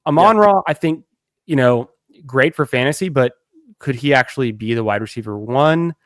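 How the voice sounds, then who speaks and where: A man from Texas calmly breaking down player prospects in a casual fantasy football chat. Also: medium pitch, no room sound, studio quality. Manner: measured, analytical talker. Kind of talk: casual chat on a live stream.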